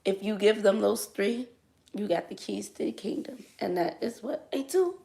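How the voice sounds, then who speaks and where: A young adult woman, a dancer, telling a story in casual chat, colloquial and dropping into soft asides. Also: mid-range voice, moderate pace, vocal fry, a little hiss or hum.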